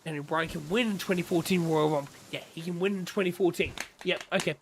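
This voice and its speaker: A man's fairly high voice comes fast over a faint hiss or hum as he chats on a casual gaming stream. He rants fervently about wrestling, acting out others' reactions with excitement.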